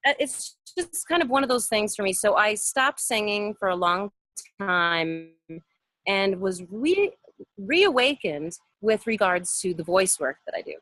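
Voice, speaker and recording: A woman voice actor, a guest on a video call interview, telling stories in a lively way and acting out the voices she quotes. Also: medium pitch, unhurried, dry recording. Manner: animated storyteller, acts out quoted voices. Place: home in a mountain town.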